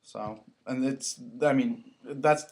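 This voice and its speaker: A man's voice: mid-range voice, slow, a little mellow. Easygoing man, casual swearing. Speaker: podcast co-host. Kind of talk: casual podcast chat.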